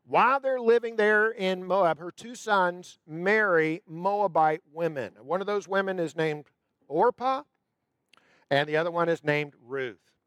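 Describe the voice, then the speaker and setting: A male pastor preaching a sermon, retelling a story with emphasis and slowing down on key words. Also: high-pitched, fairly bright tone, clear, resonant tone, dry recording.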